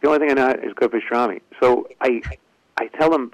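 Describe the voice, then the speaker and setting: A man's voice: mid-range voice, fast talker, no echo, low-quality recording. A man, a ventriloquist and comedian, telling a long story in an interview and acting out the lines of the people in it. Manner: lively anecdotal telling, acts out quoted dialogue.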